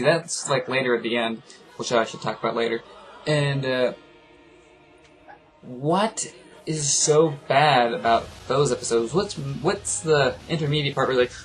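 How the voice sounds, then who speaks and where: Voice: medium pitch, lively intonation, moderate pace, faint music behind. An anime reviewer ranting casually in a rambling, profane, exasperated way.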